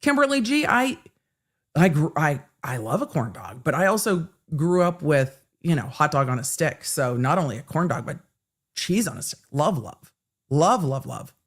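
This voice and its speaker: A woman's voice: sits low, animated, moderate pace, husky. Chatty middle-aged woman hosting a livestream. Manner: chatty, rambling, restarts often. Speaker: host. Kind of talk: casual livestream chat reading viewer comments.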